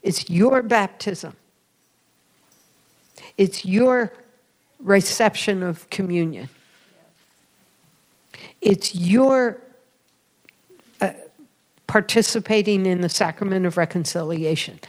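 A woman who hosts a religious radio program delivers a slow, unhurried testimony. She tells her story in a confiding way and often lowers her voice to a hushed whisper on the key words. Her tone stays humble, with light self-mocking laughter. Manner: storytelling, confiding, drops to soft whispers for emphasis; self-deprecating, laughs at herself. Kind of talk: sermon-style testimony.

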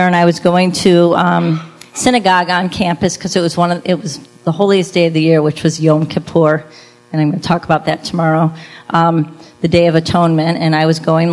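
A woman's voice: on the low side, low-quality recording. A woman telling a personal testimony as a talk, acting out quoted lines and laughing lightly. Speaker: speaker giving a testimony.

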